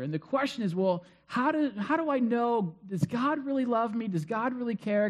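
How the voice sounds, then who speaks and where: High-voiced conversational male pastor. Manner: conversational, self-deprecating asides, many fillers. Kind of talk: sermon.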